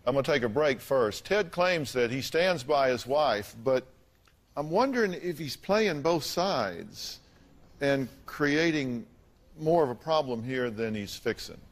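A man's voice: mid-range voice, expressive, measured pace. A man hosting a studio talk show and pressing a guest with pointed questions.

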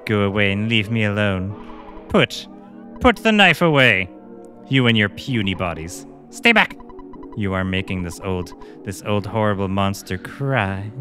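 A pitiful old male scientist turned into a monster whines and begs to be left alone, as a man puts him on. The voice is bright and sits a little low, with faint game music behind it. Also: steady tone, normal speed, natural voice. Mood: pleading. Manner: whiny, pleading, self-pitying.

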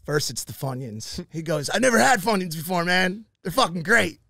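A man on a podcast telling an animated story, swearing often and acting out what other people said. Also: high-pitched, moderate pace, creaky, no echo, clean studio sound. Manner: animated, swears a lot, acts out quotes. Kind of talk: animated storytelling, casual chat.

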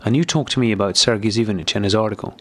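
A man's voice: on the low side, rapid-fire, breathy edge. A man reading as a bitter, irritable older brother, speaking in an agitated, raised voice. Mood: scornful.

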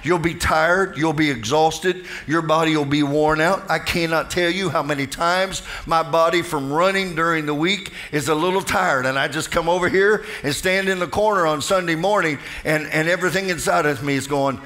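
A man's voice: a little high, normal speed, few pauses, bright, forceful tone. A man preaching a fervent sermon as pastor, calling out to the congregation for responses.

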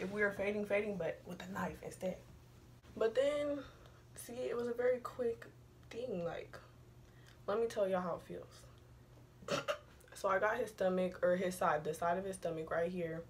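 A woman's voice: on the low side, a little hiss or hum. A young woman vlogger telling a personal story in a casual, rambling, profane way, full of slang.

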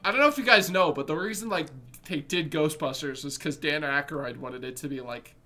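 A man's voice: a little high, fairly quick, bright, forceful tone. A young man co-hosting a casual podcast, rambling through his ideas with lots of "like" and restarts. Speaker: podcast co-host. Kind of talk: casual chat.

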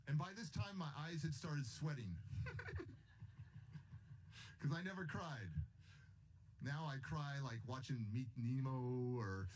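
A man giving a motivational speech, telling his story in a passionate, emphatic way. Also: mid-range voice. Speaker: motivational speaker.

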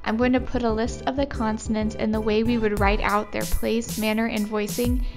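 A woman's voice: fairly high pitch, level tone, moderate pace, roomy sound, over music. A woman giving scripted speech therapy instruction, carefully demonstrating each sound.

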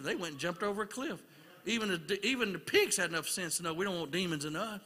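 A man preaching a sermon as an evangelist in a church, building rhythmic repeated questions up toward shouts. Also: high-pitched, quick pace. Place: church sanctuary. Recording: long church hall reverb.

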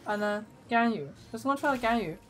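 A young woman streaming a game, thinking aloud and getting loud and excited when things go wrong. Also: fairly high pitch, quick pace. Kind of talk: live gameplay commentary.

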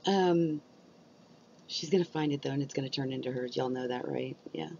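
A woman's voice: a bass voice, normal speed, a little mellow, dull audio, a little hiss or hum. A woman vlogger chatting casually and rambling. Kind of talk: casual chat about ASMR.

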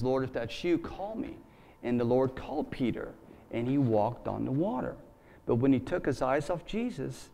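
A man's voice: medium pitch, gravelly, mellow. Man, pastor, casual folksy sermon, church, loose and chatty. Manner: conversational, folksy, with many fillers.

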